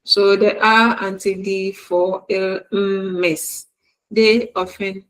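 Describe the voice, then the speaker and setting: In this low-quality recording, a female lecturer with a medium-pitched voice and a Ghanaian English accent teaches a university lesson. She talks in an unhurried, careful manner, going over each example again word by word.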